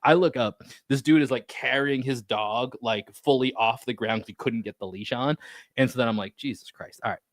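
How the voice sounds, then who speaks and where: Animated storytelling man, dry close sound. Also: medium pitch, fairly quick, dry recording. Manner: animated storytelling, acts out quotes, swears. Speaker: podcast co-host. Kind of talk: casual chat.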